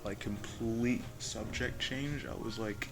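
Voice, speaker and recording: A man's voice: on the low side, slow pace, loud music behind the voice, poor audio. A young man telling a casual story-time tale, rambling and profane with lots of fillers and restarts. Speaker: vlogger.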